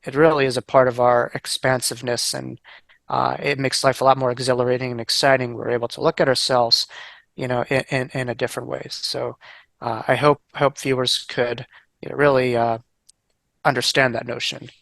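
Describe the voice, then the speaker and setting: Earnest, bright-voiced male therapist guest. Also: medium pitch, flat delivery, fairly quick, creaky, no echo. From United States. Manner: earnest, many fillers and restarts. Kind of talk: casual interview chat.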